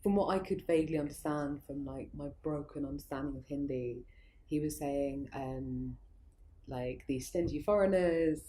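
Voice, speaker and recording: A young adult woman with a low, mellow voice tells stories in a loose, rambling way and laughs often. Her speech is full of fillers and false starts. Her voice sits at the deep end of the range. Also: steady tone, moderate pace, slight background noise. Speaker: guest, arts project founder. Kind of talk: casual conversational storytelling.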